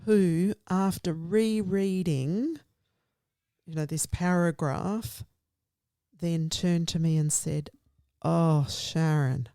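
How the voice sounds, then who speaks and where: A woman's voice: on the low side, slow, dark tone, no echo. A woman guest speaker explaining literacy teaching in an earnest, emphatic way, often in lists. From Australia. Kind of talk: conversational explanation.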